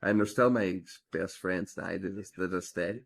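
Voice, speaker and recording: Man, Northern Irish accent, middle-aged, low-ish voice, halting, repeats himself, interview guest. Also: creaky. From Northern Ireland. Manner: halting, repeats words and restarts often. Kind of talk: personal testimony, casual storytelling.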